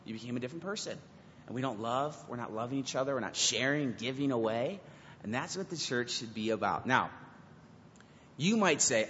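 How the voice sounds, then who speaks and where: A young man, a youth pastor, giving an animated sermon and acting out quotes from teens and God. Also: on the high side, brisk, a little hiss or hum. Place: church hall. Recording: dull lo-fi recording with hall reverb.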